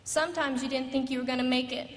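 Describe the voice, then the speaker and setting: A woman's voice: high-pitched, steady tone, quick pace. A young woman in her late teens giving a prepared graduation speech in an earnest, building pep-talk manner. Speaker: graduating student speaker. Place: large graduation ceremony hall. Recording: echoey hall recording from far off.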